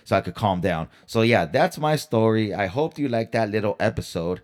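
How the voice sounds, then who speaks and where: A man's voice: lowish voice, lively intonation, moderate pace, a little mellow. Heated, cursing man ranting on his podcast. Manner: heated, profanity-laden venting; rhetorical questions to listeners. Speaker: podcast host. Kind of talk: solo podcast storytelling rant.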